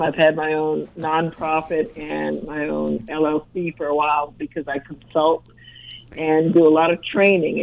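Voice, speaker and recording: A woman in her sixties from Massachusetts, with a light Massachusetts accent, telling stories in a lively, easy manner and laughing often during an interview. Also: low voice, narrow, tinny audio. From Brockton, Massachusetts. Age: 60s. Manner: upbeat, storytelling, laughs easily. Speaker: motivational speaker and former teacher. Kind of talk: casual interview answers.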